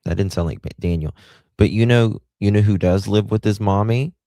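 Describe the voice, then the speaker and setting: A man's voice: lowish voice, normal speed, dark tone, no room sound. A man hosting a livestream, giving blunt, crude, rambling commentary. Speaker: livestream host.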